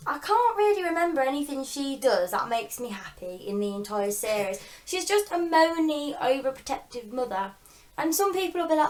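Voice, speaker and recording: Young woman, highish voice, exasperated booktuber, does little mock quotes. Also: big pitch swings, normal speed. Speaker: book channel co-host. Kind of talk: casual chat.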